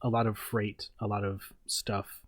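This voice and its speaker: A man's voice: on the low side, little pitch movement, unhurried, no echo. Man narrating as game master, loose and rambling. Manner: loose, filler-heavy narration.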